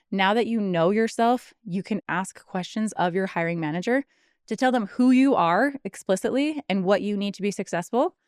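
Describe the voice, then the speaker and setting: A woman career coach hosting her own podcast, talking through advice in an encouraging, excited way and sounding a little out of breath. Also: mid-range voice, no room sound, studio quality. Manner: enthusiastic, encouraging, slightly out of breath. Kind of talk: solo podcast advice monologue.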